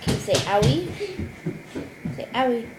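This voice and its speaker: A woman in a home video, coaxing a toddler with slow, sing-song baby talk. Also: a little high, lively intonation, very noisy. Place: family home indoors.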